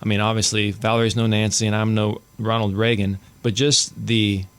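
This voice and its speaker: Low, gravelly-voiced man hosting a podcast. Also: level tone, normal speed, a bit bright. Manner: joking, laughs often. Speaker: podcast host. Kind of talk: casual podcast chat.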